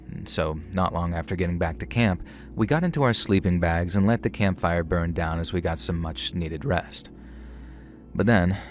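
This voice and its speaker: Man, very deep voice, middle-aged, measured wry horror narration, faint music underneath. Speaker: storyteller.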